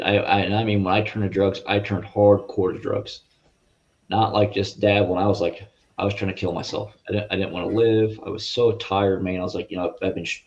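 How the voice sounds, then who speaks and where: Earnest rambling man, low muffled voice. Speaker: interview guest. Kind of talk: personal faith testimony. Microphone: video call. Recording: muffled lo-fi audio.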